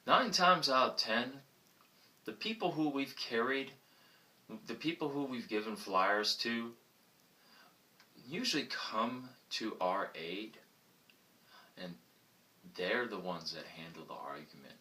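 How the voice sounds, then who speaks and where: A man's voice: mid-range voice, expressive, takes it slowly, long pauses, pushed and bright. A man giving plainspoken instructions to a group, acting out sample exchanges as he goes. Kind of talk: casual instructional talk. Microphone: phone camera. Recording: phone recording from a distance, faint noise.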